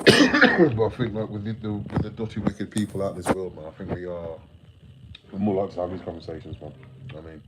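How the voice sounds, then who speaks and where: A very deep-voiced man talks loosely to his chat on a late-night livestream, sleepy and yawning. He rambles in laid-back slang and swears often. A steady hiss of noise sits under his voice. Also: fast talker.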